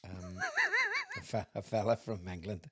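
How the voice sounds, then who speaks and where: A man's voice: on the low side, unhurried, husky. A man, co-hosting a podcast and telling funny stories in a casual chat. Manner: animated storyteller, bursts of laughter. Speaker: podcast co-host.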